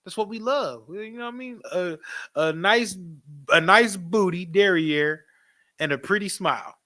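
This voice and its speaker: A man leads a class in a loose, preaching style, repeating himself and checking in with the room. His voice sits fairly high and rings bright and forceful, and he laughs often as he talks. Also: normal speed. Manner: animated, repetitive, frequent asides to the audience; laughs often while talking. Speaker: class teacher.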